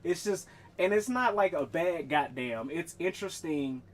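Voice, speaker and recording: A man's voice: a little high, animated, moderate pace, soft background music. A man streaming, telling a rambling, profane story in casual chat and laughing often.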